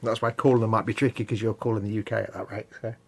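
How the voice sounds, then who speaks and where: A man's voice: fairly low pitch, level tone, very fast, slightly rough. A man co-hosting a live hobby stream, explaining at length in a rambling, casual way with hedges and restarts. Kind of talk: casual chat.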